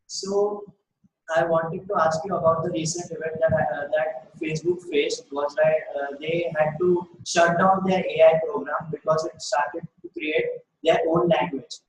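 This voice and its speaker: A man's voice: a little high, steady tone, measured pace, recorded from a distance. A young man interviewing a guest, asking hesitant questions full of fillers and rephrasing as he goes. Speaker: student interviewer. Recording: roomy audio with faint background noise.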